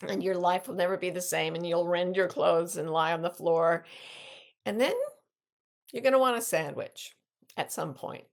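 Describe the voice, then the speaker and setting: An older woman hosting a reflective casual talk, telling stories in an animated way and often restarting mid-sentence. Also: medium pitch, vocal fry. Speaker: podcast host and life coach.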